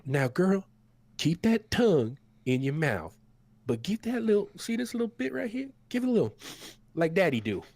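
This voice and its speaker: A man's voice: sits high, sing-song, normal speed, darkish tone, no echo, pitched above the performer's own voice, full character voice. A man voicing a folksy older male cook who talks in country phrases, stammering and exclaiming. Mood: fussing folksy.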